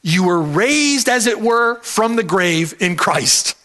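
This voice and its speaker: A man's voice: sits high, animated, slow, pushed and bright. A man preaching an expository sermon, emphatic, repeating key phrases and checking in with "right?".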